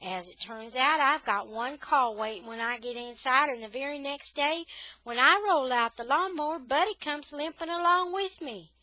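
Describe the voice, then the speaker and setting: A woman tutor reading a children's novel aloud, in a careful, expressive storytelling manner. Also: high-pitched, moderate pace, dry recording, low-quality recording. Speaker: reader, English tutor.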